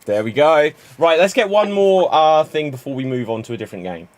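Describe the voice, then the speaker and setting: A man hosting an online improv comedy show, telling quick joke setups and calling on players with a laugh. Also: fairly high pitch, lively intonation, no echo. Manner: chatty, laughs at jokes, quick to move on.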